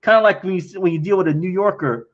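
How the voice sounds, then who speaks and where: A man's voice: high-pitched, fast, muffled recording. A man answering investor questions in a casual livestream, talking bluntly and frankly, often acting out both sides of conversations. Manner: blunt and frank, acts out quoted exchanges.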